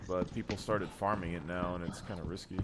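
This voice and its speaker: Deep-voiced, laid-back gamer man. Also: steady tone, heavy background noise. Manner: laid-back, unhurried, hesitant. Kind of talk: casual game chat.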